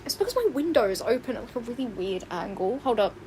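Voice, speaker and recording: A young woman chatting on a livestream while she draws, excitable and rambling, often squealing and laughing. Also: on the high side, fast talker, background noise. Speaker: livestreaming artist. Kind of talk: casual stream chat while drawing. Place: home room with open window.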